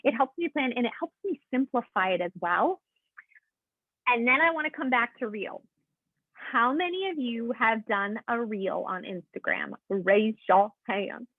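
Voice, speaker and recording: Husky-voiced woman coach on a phone line. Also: on the high side, sing-song, unhurried, dry recording. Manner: chatty, keeps checking in with "okay?"; encouraging, addresses listeners as "guys". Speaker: coach leading a team call. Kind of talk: motivational coaching talk. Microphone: call audio. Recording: tinny, dry phone-line sound.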